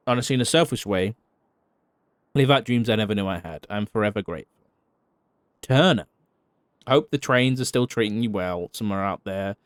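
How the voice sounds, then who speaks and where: Low smooth-voiced man reading a heartfelt letter. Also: no echo. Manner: heartfelt yet profane, wry asides. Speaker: roleplayer reading a farewell letter.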